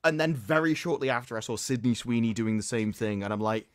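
A man's voice: medium pitch, quick pace, no echo, clean studio sound. A man in casual podcast chat, telling stories and arguing his points. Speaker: podcast guest.

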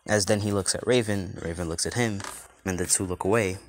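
Man, deep voice, casual storyteller, loose and rambling, lots of fillers. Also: fairly even intonation, a little fast, a little hiss or hum. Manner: rambling, many fillers and restarts. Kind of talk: casual fan-story retelling.

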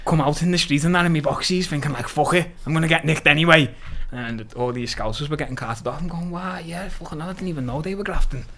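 Scouse lad spinning stories on a podcast, swears loads, laughs a lot. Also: male voice, a little high, fast talker, hardly any pauses. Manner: animated, swears freely, laughs through his stories. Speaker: podcast guest. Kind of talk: casual storytelling.

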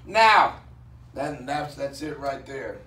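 A male pastor preaching a sermon and leading prayer in an excitable, lively way. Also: medium pitch, slow. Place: church hall. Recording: echoey church from far off.

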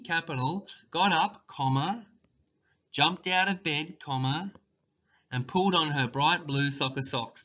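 A man, a primary school teacher giving a slow, deliberate dictation lesson and calling out the punctuation. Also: mid-range voice, sharp tone. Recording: dull lo-fi recording.

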